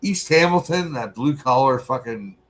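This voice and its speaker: A man, co-host of a podcast, telling a profane, animated story in casual chat. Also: medium pitch, normal speed.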